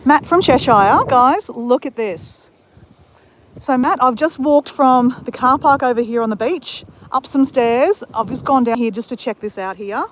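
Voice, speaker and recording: The audio is poor: wind buffets the phone this Australian woman holds as she live-streams a coastal walk. In a high-pitched voice at a measured pace, she chats eagerly and keeps addressing her viewers.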